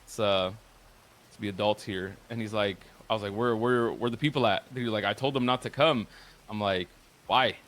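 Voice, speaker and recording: A man's voice: lowish voice, moderate pace, fairly bright tone. A man casually recounting events from a roleplay game, profane and rambling with lots of filler words. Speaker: roleplay streamer. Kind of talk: casual storytelling.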